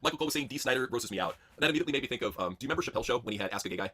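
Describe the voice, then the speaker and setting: A man hosting a stream, reading chat comments aloud and joking crudely with a fast, laughing delivery. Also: medium pitch, animated, pushed and bright, slight background noise. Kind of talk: casual chat with crude impressions.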